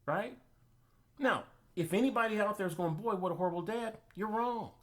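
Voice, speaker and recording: A man's voice: high-pitched, normal speed, a bit bright. A man hosting his own channel, giving an emphatic, preachy commentary monologue and telling personal anecdotes. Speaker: channel host.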